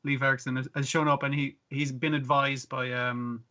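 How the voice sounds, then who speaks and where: A man co-hosting a podcast, casually recapping an anime episode with lots of swearing and animated retellings. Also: mid-range voice, muffled recording. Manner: animated, swears freely, acts out characters in quick bursts. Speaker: podcast co-host.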